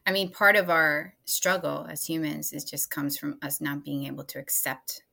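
A woman's voice: low voice, flat delivery, normal speed, creaky, pushed and bright. A woman hosting a podcast interview, speaking in a reflective, conversational way and laughing lightly between points. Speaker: podcast host.

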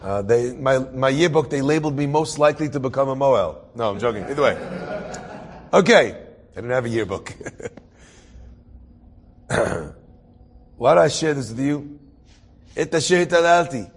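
A man's voice: medium pitch, animated, normal speed, pauses often, a little hiss or hum. A man from the New Jersey area telling an inspirational personal story, full of humorous, self-mocking asides.

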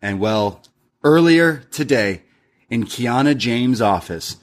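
A man's voice: mid-range voice, lively intonation, slow pace. A man co-hosting a podcast, recapping an episode in casual chat with wry asides. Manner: wry, recaps scenes and reads quotes aloud. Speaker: co-host.

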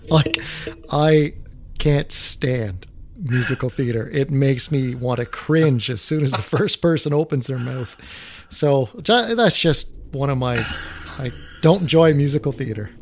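A man from Canada, a music director, co-hosting a casual, relaxed chat about music history. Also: mid-range voice, slow pace, a little hiss or hum.

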